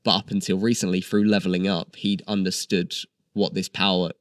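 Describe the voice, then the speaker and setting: A man talks eagerly as an actor guest in a casual interview, chatty and enthusiastic with many fillers. His voice sits low with a level tone and a brisk pace. The recording is clean studio sound with no room sound.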